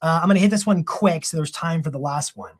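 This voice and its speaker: A man giving a live real estate marketing training, energetic and conversational, often correcting himself mid-sentence. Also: fairly high pitch, fast.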